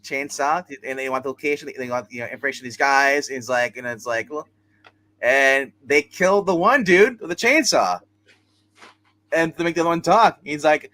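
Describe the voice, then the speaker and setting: A man hosting a casual comic book chat, retelling stories in a rambling, animated way. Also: mid-range voice, normal speed. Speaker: comic book show host.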